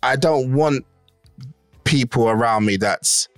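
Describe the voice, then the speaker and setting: A man's voice: medium pitch, takes it slowly, no room sound. A middle-aged man talks in casual podcast chat, emphatic and insistent. He keeps checking that his co-host follows him. The voice sits close and dry, with faint music underneath.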